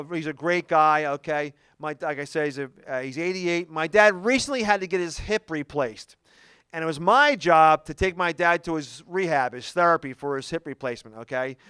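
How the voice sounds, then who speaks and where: A middle-aged man doing a stand-up comedy routine, telling stories in an animated way with quick asides. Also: fairly high pitch, smooth, no echo, clean studio sound. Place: comedy club stage.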